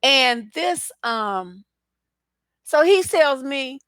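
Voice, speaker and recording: A woman relationship coach talking to her viewers in a casual live broadcast, blunt, animated and freely profane. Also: high voice, very slow, dry recording.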